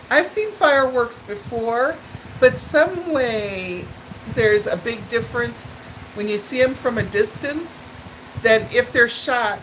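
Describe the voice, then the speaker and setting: This live-stream host, a middle-aged woman, has a fairly high, somewhat bright voice heard over slight background noise in a low-quality recording. She tells leisurely, wandering stories padded with fillers and laughter, answering viewers' comments along the way.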